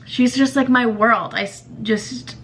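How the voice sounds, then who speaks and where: A woman's voice: fairly high pitch, fairly even intonation, measured pace, fairly bright tone, a little hiss or hum. A young woman hosting a podcast, talking bluntly and emotionally about her family and swearing freely. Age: young adult. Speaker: podcast host. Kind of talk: candid personal monologue.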